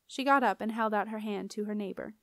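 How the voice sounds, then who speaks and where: A woman narrating a children's fantasy audiobook. Her reading is even and expressive. The recording is dry and close, with no room sound. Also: medium pitch, a little fast, dry recording. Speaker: audiobook reader. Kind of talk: storybook narration.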